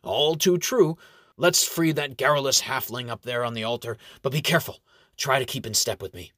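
A man voicing an older male wood elf shoemaker, brisk and courteous. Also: mid-range voice, fairly bright tone, dry recording, studio quality, close to an everyday voice.

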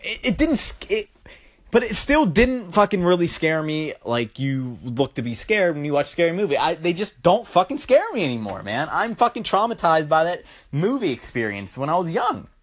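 Young adult vlogger. Casual, profane, rambling recap with a very lively pitch. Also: normal speed.

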